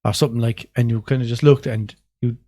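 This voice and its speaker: A man's voice: mid-range voice, fairly even intonation, quick pace, dark tone. An Irish man co-hosting a podcast, joking crudely in casual banter and mimicking voices. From Ireland. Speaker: podcast co-host.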